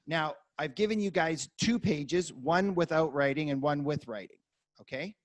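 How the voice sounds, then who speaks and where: A man coaching a workshop, energetic and acting out client conversations as examples. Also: on the high side, normal speed. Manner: energetic, acts out dialogue examples.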